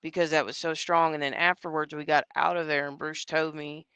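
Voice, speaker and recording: A man's voice: on the high side, little pitch movement, a little fast, sharp tone, clean tone, dry recording. A man, a psychic medium guest, telling a story in a casual, rambling way, with lots of fillers and quoted dialogue.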